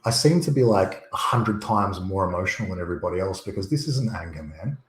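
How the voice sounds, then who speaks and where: A man's voice: sits low, animated, brisk, roomy sound, low-quality recording. A man talking bluntly and emphatically as a guest on a casual livestream, rambling through his points. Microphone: USB desktop microphone.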